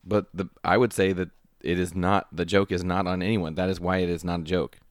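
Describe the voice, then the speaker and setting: Male co-host, measured debater, lowish voice, dry sound. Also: little pitch movement, no echo. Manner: deliberate, argues in careful clauses. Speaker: podcast co-host. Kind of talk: casual chat.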